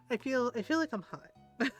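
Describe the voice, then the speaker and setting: Giggly, rambling middle-aged woman streamer. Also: fairly high pitch. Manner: rambling and giggly, laughs often. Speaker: game streamer. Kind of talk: casual livestream chat.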